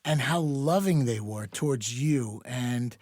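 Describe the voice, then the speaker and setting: A man's voice: mid-range voice, expressive, slow pace, a little mellow, no room sound, clean studio sound. A man in his sixties, guest on his daughter's podcast, chatting in a blunt, wry and ranting way with some swearing. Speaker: guest, the host's father. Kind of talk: casual podcast chat.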